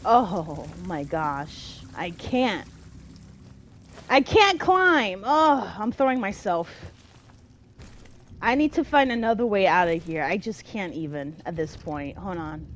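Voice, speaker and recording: A woman's voice: on the low side, animated, unhurried. A woman giving casual let's-play commentary as she plays, talking to herself and getting easily exasperated. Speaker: gameplay commentator.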